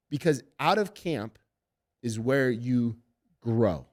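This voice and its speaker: This middle-aged fight coach, an MMA head coach, takes his time speaking in a medium pitch while sharing stories in a laid-back podcast interview. He's animated and swears heavily as he goes.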